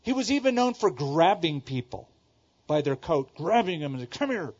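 A middle-aged man preaching a sermon with a slightly raised pitch, pressing his points by repeating them. He moves between booming outbursts and hushed asides. The recording sounds somewhat dull and lo-fi. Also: big pitch swings, normal speed. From Southern California. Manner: emphatic, repeats key phrases, shifts between loud exclamations and quiet asides. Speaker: pastor.

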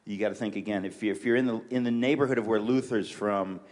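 A man from New York City, a guest author chatting in a church interview, joking with quick, self-mocking asides. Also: lowish voice, steady tone, a little mellow. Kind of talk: casual interview chat on a church stage.

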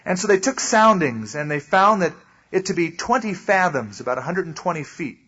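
A man's voice: high voice, very animated, normal speed, pushed and bright, slightly rough, highs cut off. A male pastor teaching a verse-by-verse Bible sermon in a conversational way, full of asides and explanations.

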